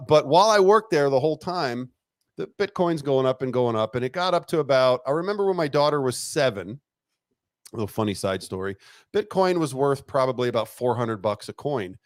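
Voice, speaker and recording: Lively middle-aged man telling a story. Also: medium pitch, no room sound, clean studio sound. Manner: animated, laughs often, swears freely. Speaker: interview guest, retired police detective. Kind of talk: casual storytelling interview.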